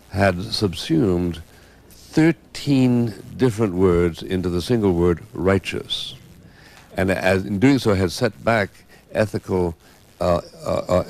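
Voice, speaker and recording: A man speaking as a panel guest, slow and halting with many pauses and an ornate, learned vocabulary. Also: sits low, gravelly, a little mellow. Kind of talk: panel discussion.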